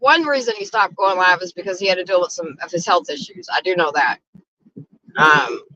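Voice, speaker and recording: A woman hosting a casual livestream chat from a car, talking loudly with lots of profanity and frequent laughter. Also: on the high side, no room sound, dull audio. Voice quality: loud, profane, laughing often. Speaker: livestream host.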